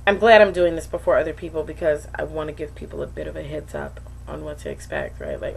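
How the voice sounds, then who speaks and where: A woman's voice: low-pitched, fairly even intonation, quick pace, vocal fry, hardly any pauses, breathy edge, low-quality recording. A woman recording a candid personal video diary, talking frankly and emotionally, rambling with many fillers. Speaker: vlogger.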